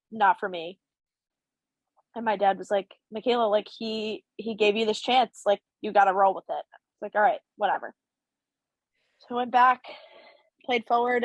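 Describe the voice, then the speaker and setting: Young woman, podcast guest, animated storytelling, mid-pitched voice, dry close sound. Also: no room sound, low-quality recording. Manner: animated, acts out quoted dialogue. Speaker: podcast guest, college hockey player. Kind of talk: casual storytelling interview.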